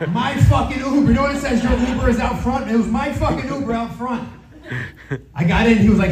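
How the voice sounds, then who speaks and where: A high-voiced man from Philadelphia does a brash, crude stand-up set in a comedy club, speaking at a normal speed with frequent pauses and often asking the audience if they follow him. The echoey recording has a distant mic and heavy background noise from loud audience laughter.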